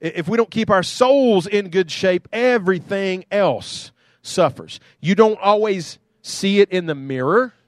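A male pastor delivering a sermon in a relaxed, talkative way, mixing in light jokes. His voice sits fairly high for a man. The sound is close and dry, with little room echo. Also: a little slow. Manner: conversational, playful asides.

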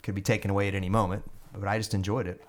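A man with a fairly low voice spins a long story in a casual podcast interview. He rambles, restarts and leans on fillers, his delivery animated and loose. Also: racing. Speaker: guest musician and army veteran.

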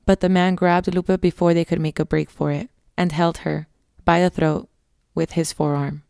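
A woman narrating a scripted horror story in a measured, somber way, close to the mic. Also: on the low side, little pitch movement, creaky, a little mellow, clear, resonant tone, no echo.

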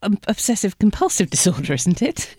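A woman hosting an interview, asking questions in a lively manner and laughing easily. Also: mid-range voice, a little fast, slightly rough, no echo, studio quality. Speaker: radio show host.

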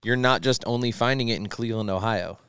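A man's voice: mid-range voice, fast talker, fairly bright tone, clean tone, dry recording, studio quality. A man who is a guest on a podcast, chatting casually and bluntly, with wisecracking asides. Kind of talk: casual chat.

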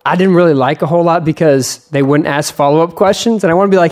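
Podcast host guy, kinda high voice, chatty and teasing, says like a lot. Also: fast, a little mellow. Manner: chatty, teasing, lots of "like" fillers. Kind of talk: casual podcast chat.

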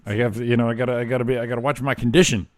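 A man's voice: medium pitch, steady tone, very fast. A man co-hosting a casual morning show, wisecracking as he reads out celebrity birthdays. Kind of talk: casual radio banter.

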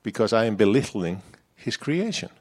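A man's voice: fairly low pitch, big pitch swings, normal speed. A man preaching a sermon in a church, in a conversational, personal way that turns the message back on himself.

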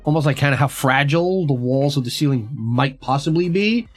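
A man's voice: mid-range voice, animated, a little fast, husky, faint music behind. A man playing a tabletop game, talking hesitantly with lots of "like" and "sort of". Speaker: player.

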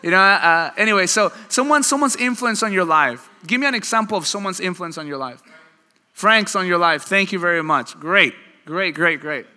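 A man preaching a sermon in a conversational, animated way, often trading lines with his congregation. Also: high voice, brisk, smooth. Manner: conversational, animated preaching with audience back-and-forth. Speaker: pastor. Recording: long hall reverb.

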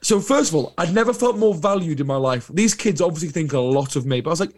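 A young adult man with an English accent, co-hosting a podcast in casual chat, telling animated anecdotes. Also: on the high side, fast talker, hardly any pauses. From England. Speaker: podcast co-host.

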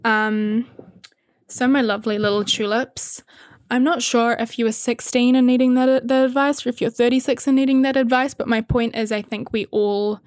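A woman's voice: on the high side, steady tone, moderate pace, a little mellow, dry recording, clean studio sound. A young woman chatting candidly with viewers, swearing freely and laughing often. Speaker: content creator answering viewer questions. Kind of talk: casual chat with viewers.

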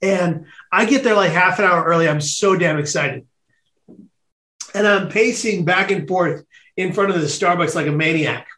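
A man from San Francisco telling a personal story as a podcast guest. He is emotional and excitable, repeats words, and acts out the voices of the people in it. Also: sits high, normal speed. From San Francisco, United States. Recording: roomy echo.

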